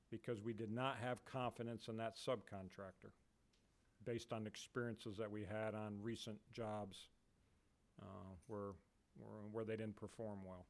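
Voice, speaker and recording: A man testifying as a state official at a committee hearing, explaining procedures plainly with frequent fillers. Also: medium pitch.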